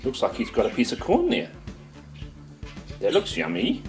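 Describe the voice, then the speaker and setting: A man's voice: mid-range voice, huge pitch swings, moderate pace, reverberant, faint music behind. A man with a New Zealand accent hosting a goofy comedic cooking show from his home kitchen, full of playful sing-song exclamations.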